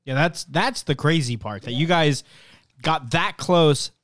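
A man with a slightly high voice co-hosting a podcast. He chats loosely and laughs a lot. His sentences come out in halting, rambling bursts. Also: a bit bright. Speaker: podcast co-host. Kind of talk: casual chat.

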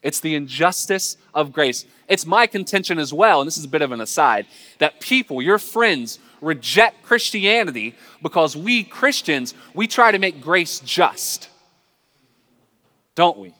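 A man's voice: on the high side, expressive, unhurried, sharp tone, long reverb tail. A man preaching a sermon as pastor, earnest and conversational, with frequent restarts.

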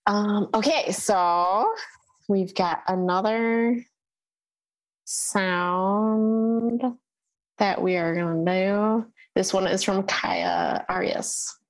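A woman co-hosting a podcast in casual chat, talking in an animated, chatty way with frequent fillers. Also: mid-range voice, extremely slow. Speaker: podcast co-host.

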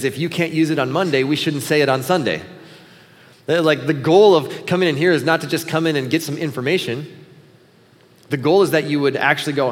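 A man preaching a sermon as pastor, in a conversational way with frequent filler words. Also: on the high side. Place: church sanctuary. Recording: long hall reverb.

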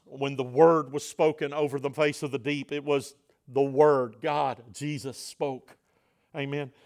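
A man preaching a sermon as pastor in a church, swinging between shouted passages and hushed, quiet asides. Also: mid-range voice. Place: church sanctuary.

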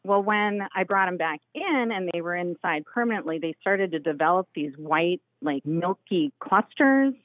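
A woman from Minnesota with a Minnesotan accent calling in to a radio show, chatty and excited. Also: lowish voice, normal speed, hardly any pauses, dry recording, phone-quality sound. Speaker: caller. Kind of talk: call-in radio conversation.

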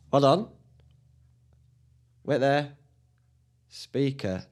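A man's voice: medium pitch, lively intonation, moderate pace, a little mellow. A man hosting a podcast on his own from a small home studio, rambling chattily, swearing casually and laughing at himself. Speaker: podcast host. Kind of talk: casual solo podcast chat.

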